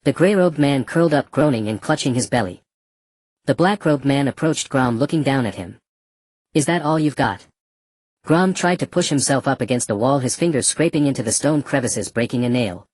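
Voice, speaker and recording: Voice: mid-range voice, animated, fairly quick, darkish tone, no echo. Dry, close audiobook narrator. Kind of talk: scripted fantasy narration.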